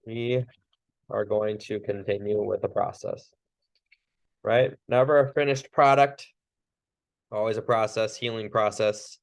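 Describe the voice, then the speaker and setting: A man's voice: fairly low pitch, fairly even intonation, a little slow, creaky, long pauses. A man teaching a casual training session, talking loosely with restarts and short laughs. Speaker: chiropractic trainer.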